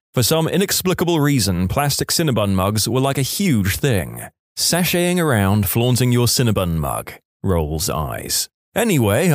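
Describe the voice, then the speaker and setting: A man narrates submitted classroom stories with a lively, swooping delivery. His tone is wry, dropping into sarcastic asides. The recording is dry and close, with no room sound. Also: medium pitch, no room sound. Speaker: story narrator. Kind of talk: reading listener stories aloud.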